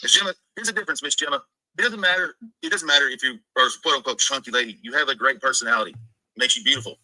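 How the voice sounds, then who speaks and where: A man's voice: mid-range voice, racing, sharp tone, no room sound, low-quality recording. A man in casual stream chat, talking bluntly and emphatically with some swearing.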